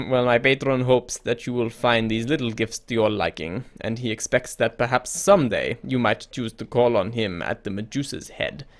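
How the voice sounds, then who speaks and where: A man's voice: medium pitch, lightly acted. A man doing a creepy, oily messenger with a French accent. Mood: creepy, insinuating. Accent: put-on French. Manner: slow, insinuating, overly polite. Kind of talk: reading game dialogue aloud.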